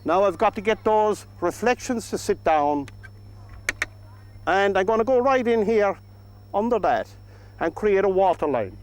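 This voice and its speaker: Irish guy with a high voice doing a painting demo outside, talks sweetly to the paint. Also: animated, a little slow, long pauses, a little hiss or hum, low-quality recording. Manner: gentle, coaxing, talks to the paint. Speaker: painting instructor. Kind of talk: painting demonstration. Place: outdoors by a lake.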